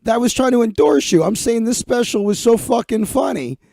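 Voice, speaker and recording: A man's voice: very high-pitched, animated, fairly quick, creaky, warm tone, dry recording. A man hosting a podcast, chatting casually and animatedly with a fellow comedian, laughing easily and swearing freely. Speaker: podcast host. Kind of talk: casual chat.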